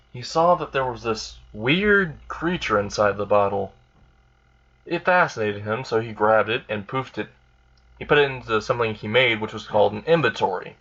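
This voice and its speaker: A man's voice: medium pitch, fairly bright tone, lo-fi sound. A man casually narrating an improvised fan story, rambling and filling gaps with "like" and "you know".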